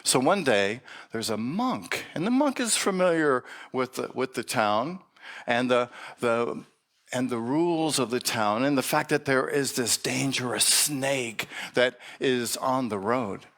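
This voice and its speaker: A male preacher tells a parable in his sermon, slowly and without hurry, pausing and restarting as he goes. His pitch sits at an ordinary middle level for a man. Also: animated, fairly bright tone. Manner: unhurried, with restarts and pauses. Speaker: speaker at a church service. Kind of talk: storytelling sermon.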